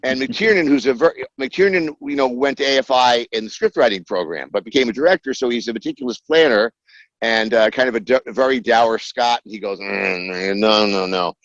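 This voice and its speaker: An older man recounts stories from a film set with lively energy, sprinkling in ums and uhs and slipping into the voices of the people he quotes. His voice sits in a middle register, and the sound is dry and a little muffled. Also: medium pitch, brisk, no echo. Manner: animated storyteller acting out quoted people, many ums and uhs. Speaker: screenwriter guest. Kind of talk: anecdotal interview storytelling.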